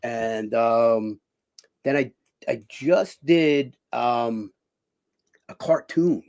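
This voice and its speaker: A man's voice: medium pitch, extremely slow, creaky, a little mellow. A middle-aged man, an actor and former boxer, chatting as an interview guest, rambling through stories with lots of fillers and restarts and casual swearing.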